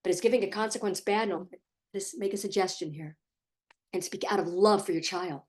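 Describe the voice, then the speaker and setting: A woman's voice: mid-range voice, fairly quick. A middle-aged woman who works as a parenting coach, giving firm, emphatic advice straight to the camera and often repeating herself. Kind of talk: direct-to-camera advice talk.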